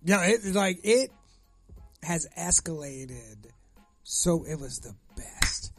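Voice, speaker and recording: A man's voice: on the high side, sing-song, slow pace, a bit bright, slightly rough, soft background music. A young man from the Los Angeles area telling a profane story in casual chat, acting out voices. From Gardena, Los Angeles area.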